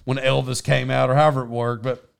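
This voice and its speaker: A man's voice: mid-range voice, little pitch movement, fast talker, vocal fry, clear, resonant tone. A man telling rambling stories in casual chat, laughing as he goes.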